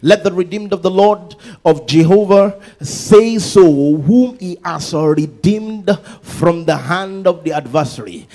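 A man preaching a sermon who swings between sung-out, shouted exclamations and low, conversational asides, often repeating words and restarting phrases. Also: expressive, takes it slowly, few pauses.

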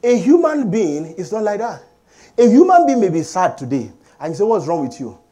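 A middle-aged man preaching a sermon as pastor, animated and calling for amens from the congregation. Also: high voice, normal speed. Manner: animated preaching with call-and-response.

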